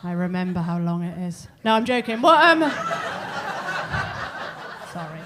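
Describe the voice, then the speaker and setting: A woman's voice: on the low side, big pitch swings, measured pace, noisy background. A middle-aged woman with a southern English accent doing bawdy stand-up crowd work in a comedy club, with cheeky apologetic asides. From southern England. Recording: live club recording with audience laughter.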